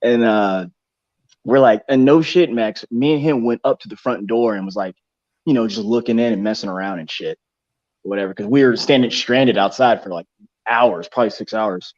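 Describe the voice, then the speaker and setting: A man's voice: on the low side, normal speed, a little mellow, no room sound. A young man telling a long story in casual chat, rambling and slangy with lots of fillers and restarts. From Texas. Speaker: podcast co-host. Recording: dull dry studio sound.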